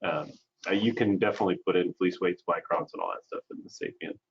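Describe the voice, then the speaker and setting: A man on a sheep ranch panel talking in a relaxed, rambling way with plenty of fillers, heard over a video call. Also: low voice, fast talker, a little hiss or hum. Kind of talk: casual panel talk. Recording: muffled video call audio.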